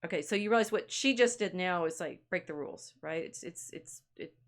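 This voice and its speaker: A woman co-hosting a podcast, casually retelling a toy story with chatty restarts and asides. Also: on the low side. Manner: chatty, halting with restarts and laughs. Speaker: podcast co-host.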